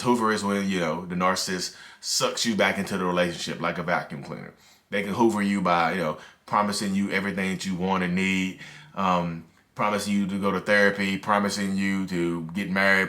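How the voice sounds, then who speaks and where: A man talks straight to camera in a casual, ranting way, full of filler words. His voice sits low but sounds bright and forceful. He swings up in pitch whenever he gets worked up. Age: 30s. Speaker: mental health video host. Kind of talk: casual direct-to-camera talk.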